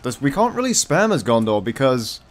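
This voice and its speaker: A man at a middle pitch gives loose, excitable let's-play commentary over a strategy game. He swears freely and breaks into sudden exclamations between stretches of chatty play-by-play. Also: moderate pace. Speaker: gameplay commentator.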